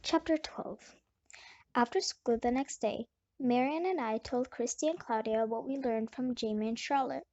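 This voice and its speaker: A woman reads a children's audiobook in a soft, subdued storytelling voice. Her voice is high for a woman, and the audio is slightly dull and lo-fi. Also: normal speed, no room sound. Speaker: audiobook narrator.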